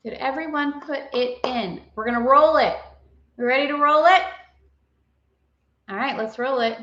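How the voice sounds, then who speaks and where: A woman's voice: high voice, moderate pace, a bit bright. A woman hosting a casual live stream, gushing and bubbly, laughing often as she chats with viewers. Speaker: host. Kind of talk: casual livestream chat. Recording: roomy, dull lo-fi sound.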